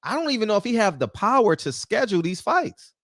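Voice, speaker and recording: Fired-up man ranting with lively pitch. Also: fast talker, dry recording, clean studio sound. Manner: ranting, fired up, rhetorical questions. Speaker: boxing commentary host. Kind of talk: heated opinion commentary.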